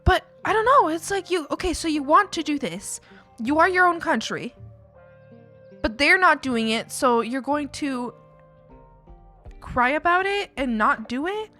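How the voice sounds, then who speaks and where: A young woman from Canada streams from home, her bright, fairly high voice leaping around as she rambles, laughs and swears her way through casual chat. Faint music plays underneath her talk. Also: a little slow, pauses often. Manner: animated, rambling, swears freely, laughs often. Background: faint background music.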